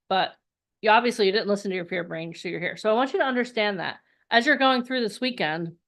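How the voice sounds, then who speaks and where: Animated woman coaching a live workshop. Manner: energetic, acts out inner voices with big pitch jumps. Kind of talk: motivational workshop talk. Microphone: online call.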